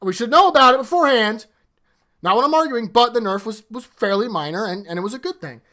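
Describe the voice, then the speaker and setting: A woman content creator rants about a game, exasperated and swearing freely. Her pitch swings widely as she talks, giving the rant an animated, restless energy. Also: quick pace. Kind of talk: ranting game commentary.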